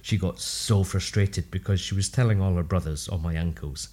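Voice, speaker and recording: Husky and deep, this man's voice moves at a moderate pace. He's a speech and language therapist interviewed on a podcast, telling funny personal stories in a warm, relaxed way and tossing in lively asides.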